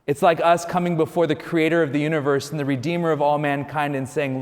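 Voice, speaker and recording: A man, a Catholic priest, preaching a homily in a relaxed, storytelling way, often adding "you know". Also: fairly high pitch, quick pace, big-room sound.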